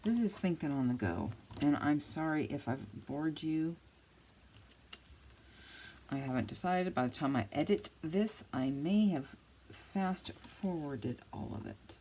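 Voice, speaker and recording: A woman with a low, expressive voice hosts a casual crafting tutorial, speaking a little slowly in a warm tone over slight background noise. She chats and thinks aloud as she works, muttering and scolding herself along the way.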